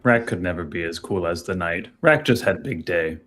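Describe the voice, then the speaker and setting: A man voicing a big, earnest, simple-minded orc who talks about himself in the third person, slowly and plainly. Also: low voice, lively intonation, fairly bright tone. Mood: eager.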